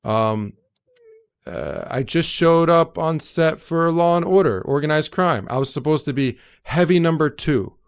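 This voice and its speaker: A young man, a guest in a casual interview, telling animated stories and acting out other people's voices, with lots of fillers. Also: on the high side, unhurried, clear, resonant tone. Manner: animated, acts out quoted voices, many fillers. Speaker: actor and entrepreneur, guest.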